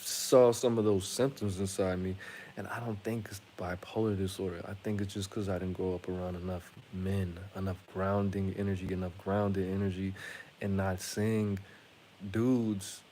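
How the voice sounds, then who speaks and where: A man with a lowish voice rambles through a casual monologue to his viewers. He is blunt and profane, and he often stops and restarts his sentences. A faint hiss sits under his voice. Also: flat delivery, unhurried, darkish tone. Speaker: channel host.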